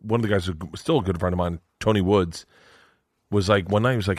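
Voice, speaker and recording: Male comic, rapid-fire animated storyteller, dry close mic, swears freely. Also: deep voice, no echo. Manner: animated, swearing, acts out voices. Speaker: comedian. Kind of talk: storytelling on a podcast.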